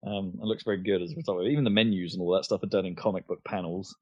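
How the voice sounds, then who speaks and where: Podcast co-host, male, casual chat, halting delivery with fillers, lowish voice, dry lo-fi sound. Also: steady tone, mellow, slightly rough, dry recording. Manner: hesitant, many fillers and restarts. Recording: dull lo-fi podcast audio.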